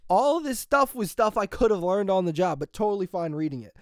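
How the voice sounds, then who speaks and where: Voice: medium pitch, very animated, fairly quick, slight background noise. A young adult from the United States telling a rambling story in a casual monologue, laughing often and drifting off topic. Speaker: vlogger.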